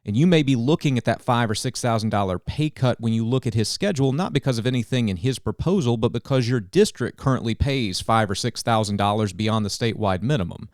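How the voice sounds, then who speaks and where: A man, a governmental affairs director explaining policy in an earnest, animated podcast chat. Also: mid-range voice, no room sound, clean studio sound. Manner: earnest, detailed and animated, with quick restarts.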